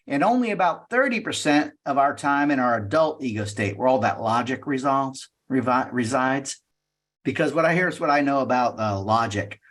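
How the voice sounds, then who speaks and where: A middle-aged man giving a sales training talk, energetic and teaching, acting out client questions in a raised voice. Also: mid-range voice. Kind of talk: talk at a networking meeting.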